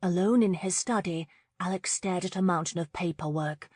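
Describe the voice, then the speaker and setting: A woman narrating a romance audiobook in a measured, expressive reading on a close studio mic. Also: on the low side, husky, no echo. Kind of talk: scripted narration.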